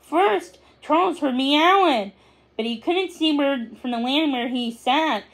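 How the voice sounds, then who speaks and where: Woman, story reader, children's book, high voice, slow, occasional slips. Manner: unhurried, with small slips and restarts. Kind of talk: reading a children's book aloud.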